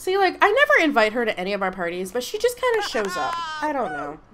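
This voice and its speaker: Excitable young woman gushing over gameplay. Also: on the high side, fast talker, very noisy. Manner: excitable, gushing, chatty asides. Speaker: gaming YouTuber. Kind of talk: casual let's-play commentary.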